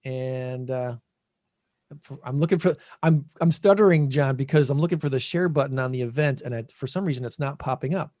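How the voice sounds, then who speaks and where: Midwestern American male podcast host, chatty and rambling, mid-pitched voice, dry close sound. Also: brisk, darkish tone, dry recording. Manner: rambling, self-correcting, chatty. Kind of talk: casual chat. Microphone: video call.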